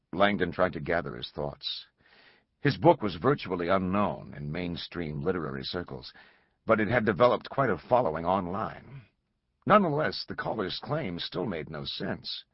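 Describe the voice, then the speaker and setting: Low husky male audiobook narrator. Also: big pitch swings, normal speed, dry recording. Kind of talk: scripted narration. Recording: slightly dull lo-fi recording.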